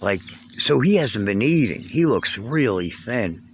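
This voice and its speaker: A man in his sixties, talking in a halting, emotional, rambling way with many restarts and blunt swearing. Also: mid-range voice, big pitch swings, a little hiss or hum. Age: 60s. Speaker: vlogger. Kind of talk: rambling personal vlog.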